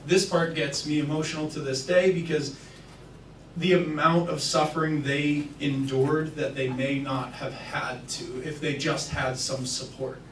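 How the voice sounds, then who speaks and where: Male speaker, thirties, earnest personal talk; distant mic, faint noise. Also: fairly high pitch. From New Hampshire. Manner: earnest, laughs nervously, filler-heavy. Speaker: recovery worker speaking at an event. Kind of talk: personal public speech. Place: event hall. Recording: roomy hall, distant mic.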